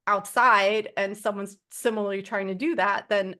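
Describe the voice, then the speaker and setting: A woman telling spiritual stories in a loose, rambling way, with "like" dropped into nearly every sentence. She speaks earnestly, at a middle pitch, in a relaxed group-sharing tone. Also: moderate pace. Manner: rambling, heavy use of "like" fillers. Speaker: support group member.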